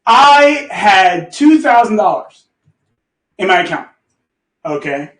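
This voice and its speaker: A man with a very high voice telling a casual story to his community. He is animated and swears freely, laughs often, and keeps asking "okay?". His voice echoes around the room from a mic placed some distance away. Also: takes it slowly. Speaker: host.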